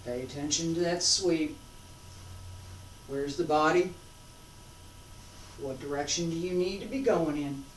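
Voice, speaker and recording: A qigong instructor leading a guided exercise class in an unhurried, measured way. They give brief breathing and movement cues, then ramble a little, restarting sentences. The voice is caught from some distance in an echoey indoor room with a faint hum behind. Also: medium pitch. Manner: gives short calm cues, then explains loosely with restarts.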